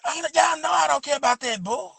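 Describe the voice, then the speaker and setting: A man with a notably high voice hosts a loose, chatty phone livestream outdoors, calling his viewers baby and boo. He stretches his pet phrase out in a sing-song drawl. The sound is dry and close, with no room echo. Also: brisk, gravelly, sharp tone. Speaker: livestream host. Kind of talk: casual livestream chat. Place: outdoors next to a house.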